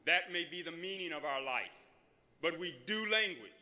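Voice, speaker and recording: A man, a law professor, delivering a formal prepared introduction in an auditorium with slow, measured phrasing. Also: on the high side, expressive, bright, forceful tone. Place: large auditorium. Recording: long reverb of a large hall.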